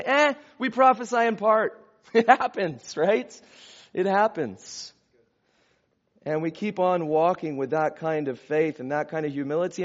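Man, pastor, conversational sermon, high voice, muffled lo-fi recording. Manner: conversational, with warm asides and chuckles. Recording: dull lo-fi sound.

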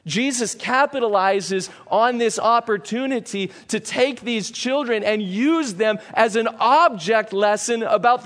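A man preaching a sermon as a pastor, earnest and emphatic, moving between stressed peaks and quiet, grave passages. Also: very high voice, long reverb tail.

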